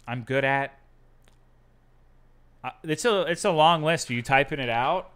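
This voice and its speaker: A man's voice: on the high side, unhurried, a bit bright, clean tone. A man streaming from home, chatting casually with his viewers in a profane, self-mocking, joking way.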